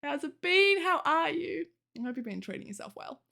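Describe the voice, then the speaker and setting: Lively, chatty woman livestreamer. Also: sits high, moderate pace, creaky. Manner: chatty, laughs often, swears casually, reads chat aloud. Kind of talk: casual chat with live viewers.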